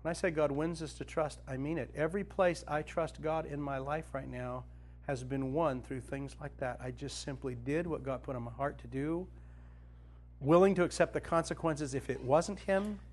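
A man's voice: fairly high pitch, normal speed. A male Christian speaker and author telling a personal faith story to a group, acting out the dialogue with self-mocking humor.

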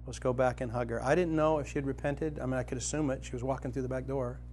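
A middle-aged man preaching a sermon, telling a personal story and retelling a parable, rising to loud excitement in the vivid parts and dropping soft in the tender ones. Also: quick pace, a little hiss or hum. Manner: storytelling, grows animated and loud when dramatizing, soft and low when tender.

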